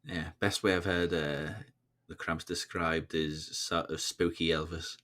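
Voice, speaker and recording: A man's voice: rumbling low, flat delivery, measured pace, a bit bright. A man who is a podcast guest, chatting casually and laughing between remarks. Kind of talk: casual film discussion.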